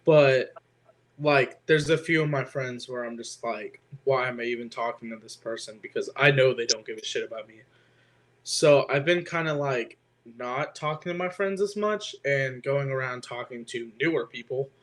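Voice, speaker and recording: A man's voice: mid-range voice, moderate pace. A teenage boy co-hosting a podcast, chatting casually and rambling with lots of fillers and frequent swearing. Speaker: podcast co-host. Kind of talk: casual chat.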